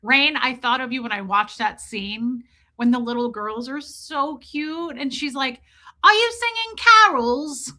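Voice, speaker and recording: A woman hosting a livestream, telling a comic story in a casual, profane, animated way and calling out viewers in the chat by name. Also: on the high side, a little slow. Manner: animated, profane, ranting, reads chat names aloud. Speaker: livestream host.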